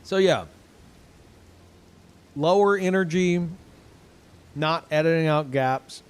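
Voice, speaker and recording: A young man streaming games, tired and low on energy, rambling in casual chat with lots of swearing, ums and restarts. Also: takes it slowly, clean tone. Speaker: game streamer.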